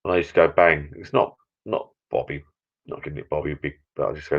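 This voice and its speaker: Older man, very deep voice, chatty live-stream host, slightly dull lo-fi sound. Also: fairly even intonation, rapid-fire. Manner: rambling, chatty, sentimental. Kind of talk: casual chat. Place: backyard garden bar shed.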